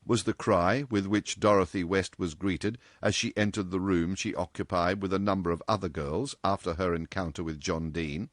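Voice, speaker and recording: A man reading a novel aloud as audiobook narration with an expressive delivery. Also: sits low, normal speed, few pauses, no room sound, clean studio sound. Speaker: audiobook reader.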